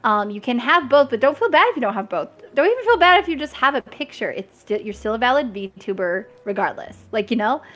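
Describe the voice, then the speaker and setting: A woman chatting casually as a guest on a creator talk stream, upbeat and quick to laugh while giving encouraging advice. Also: a little high, sing-song, fairly bright tone. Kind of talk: casual chat.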